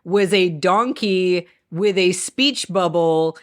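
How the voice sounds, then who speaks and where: A woman's voice: fairly low pitch, takes it slowly. Woman in her 30s rambling about movies on a podcast, chatty, keeps restarting her sentences. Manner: rambling, chatty, self-correcting. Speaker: podcast co-host. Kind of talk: casual movie review chat.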